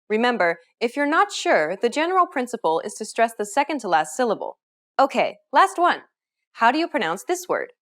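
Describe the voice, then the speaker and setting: A woman teaching a scripted pronunciation lesson, explaining clearly and upbeat, modeling example words. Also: a little high. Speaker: language teacher.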